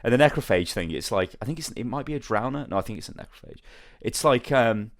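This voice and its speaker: Animated man telling a game story. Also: medium pitch, fast talker, dry recording, studio quality. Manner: animated storytelling, swearing freely. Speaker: podcast host. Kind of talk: casual chat.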